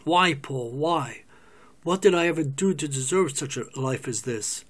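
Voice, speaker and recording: A man's voice: on the high side, expressive, a little slow. A man reading the lines of a troubled woman who works as a prostitute, anguished and breaking into raw anger, in a play reading. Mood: bitter outburst.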